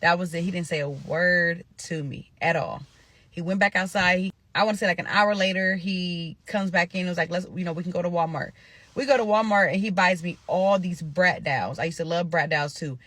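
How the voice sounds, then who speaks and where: A young woman from Nebraska telling a story to her viewers in a casual, animated, profane way. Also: on the low side, fairly quick, dry recording. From Omaha, Nebraska.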